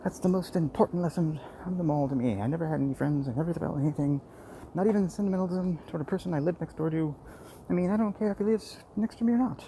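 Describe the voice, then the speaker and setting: A man streaming a game, rambling to himself in a sarcastic, dark-humored monologue. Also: a little high, fast talker, rough recording. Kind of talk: rambling live-stream monologue while playing. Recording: steady background noise.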